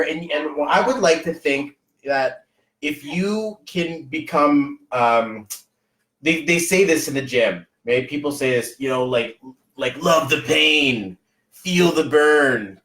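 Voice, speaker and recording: A man hosting a podcast, chatting casually and motivationally, telling rambling, animated stories full of fillers. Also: a little high, measured pace, roomy sound, poor audio. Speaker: podcast host.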